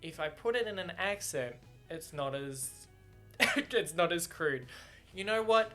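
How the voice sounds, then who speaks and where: Over faint background music, a man gives a casual on-camera reaction to a book he's reading, giggling and bubbly with lots of fillers and restarts. His voice is a little high, animated and a bit bright, and he speaks a little slowly into the camera mic.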